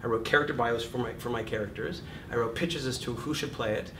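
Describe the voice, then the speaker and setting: A man in his fifties, an acting teacher, giving a lively seminar talk to a class, self-deprecating and swearing freely. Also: fast talker. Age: 50s. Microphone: distant room mic. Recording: echoey room, far mic, rumbling noise.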